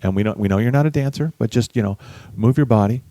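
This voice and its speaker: A middle-aged man, a bass musician, telling a lively story in a casual interview, acting out the people he quotes. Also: fast, dry recording. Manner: animated storyteller, acts out quoted voices. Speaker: guest musician.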